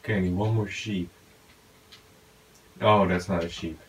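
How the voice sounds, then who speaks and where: A man giving casual gameplay commentary, talking to himself with excitable outbursts. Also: deep voice, moderate pace, poor audio. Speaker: gaming YouTuber.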